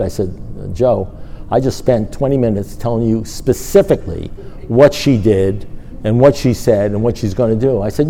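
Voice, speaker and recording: An older man shares his recovery story at a meeting. His voice is mellow, and he acts out past conversations with lively storytelling. Faint hiss sits under the recording. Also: medium pitch, normal speed, pauses often. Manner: storytelling, animated, acts out dialogue. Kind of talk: personal testimony talk.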